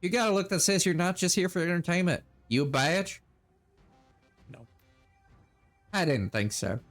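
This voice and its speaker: A man's voice: high voice, moderate pace, fairly bright tone, faint music behind, pitched above the performer's own voice. A man voicing a sly young elf barmaid in a faux Southern drawl, reading game text in character. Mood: wry. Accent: faux Southern American.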